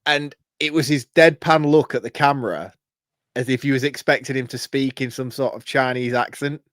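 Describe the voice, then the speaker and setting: A man's voice: medium pitch, normal speed, a bit bright, no room sound. A man co-hosting a film podcast, his voice recorded dry and close. He gives candid opinions in loose, casual talk, dropping swear words as he goes. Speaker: podcast co-host. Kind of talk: casual film review chat.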